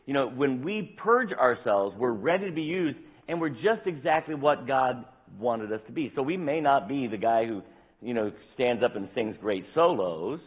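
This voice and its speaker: A male pastor preaching a sermon with animated delivery, acting out scripture quotes, his voice tiring. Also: medium pitch, normal speed, husky, narrow, tinny audio. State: voice tiring, dry throat. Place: church sanctuary.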